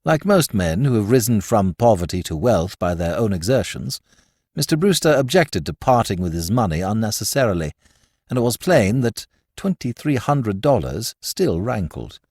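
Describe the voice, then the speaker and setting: A man narrating a classic story as a scripted audiobook, with an expressive, varied delivery. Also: fairly low pitch, moderate pace, slightly rough, no echo, clean studio sound.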